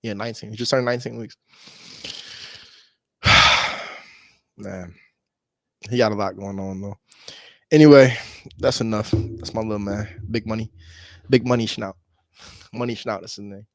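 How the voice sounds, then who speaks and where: A man with a fairly low voice chats casually to his viewers between cold calls from home. He talks fast but makes a point of pausing when he is on the phone. The recording is close and dry, with no room sound. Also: fairly even intonation, fairly bright tone, dry recording. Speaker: real estate wholesaler. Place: at home with his dog nearby.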